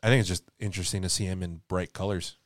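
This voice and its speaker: A man co-hosting a podcast in casual chat, tossing in quick, wisecracking asides. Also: low voice, fairly even intonation. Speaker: podcast co-host.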